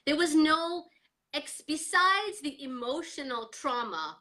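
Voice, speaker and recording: A woman's voice: high-pitched, slow pace. A middle-aged woman, a guest on a live interview, talking emphatically and energetically about mindset and coaching. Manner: energetic, emphatic motivational talk.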